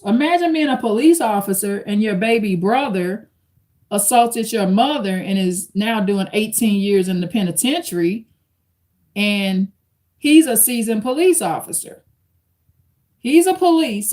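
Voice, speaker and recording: A woman's voice: fairly high pitch, darkish tone. A woman hosting a live stream, reading an article aloud and commenting on it casually to her viewers. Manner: conversational, addresses viewers as y'all, reads quotes aloud. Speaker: channel host reacting to an article.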